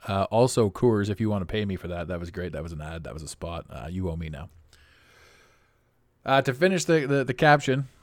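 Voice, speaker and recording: A man's voice: a little fast, dry recording. A man hosting his own podcast in a casual monologue, rambling and self-amused, often laughing. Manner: animated pitch swings. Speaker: podcast host.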